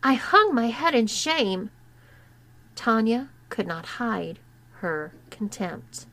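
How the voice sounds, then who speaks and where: A woman narrating a written story in a slow, deliberate reading. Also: on the high side, sing-song, pushed and bright. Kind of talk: scripted narration of an erotic story.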